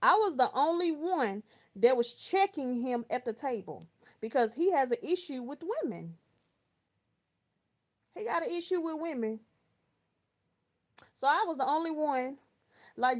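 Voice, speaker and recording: A woman's voice: high voice, animated, moderate pace, pauses often. A woman around thirty from Texas, chatting casually on a livestream, telling stories in slang and answering viewers by name. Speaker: live chat host. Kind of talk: casual livestream chat, reading viewer comments.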